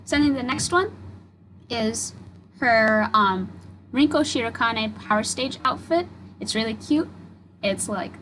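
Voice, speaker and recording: A woman's voice: a little high, expressive, unhurried, fairly bright tone, slight background noise, rough recording. Gushing, rambling young woman. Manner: gushing, rambling with many fillers. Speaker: podcast co-host. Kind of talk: casual chat.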